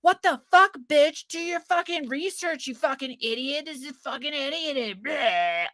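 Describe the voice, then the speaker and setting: A woman mimicking a scornful online critic, shrill and profane. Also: animated, measured pace, pushed and bright, dry recording, heavily acted. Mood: furious.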